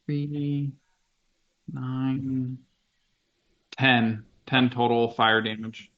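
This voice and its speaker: A man's voice: mid-range voice, steady tone, extremely slow, muffled recording. A man playing a tabletop game, describing his turn plainly. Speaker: player. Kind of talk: casual tabletop play.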